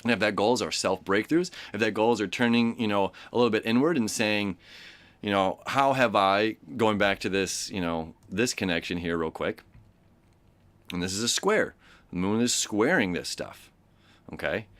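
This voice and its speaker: A man's voice: on the low side, normal speed, fairly bright tone, no echo. A man hosting a daily horoscope, talking casually and rambling with many fillers and asides, sometimes acting out quoted voices. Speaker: astrology host.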